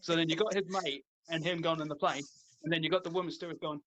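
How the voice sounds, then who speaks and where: A man's voice: a little high, steady tone, quick pace, fairly bright tone. A man, hosting a podcast in casual chat, rambling through a retold comedy routine with lots of fillers and restarts. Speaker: podcast host.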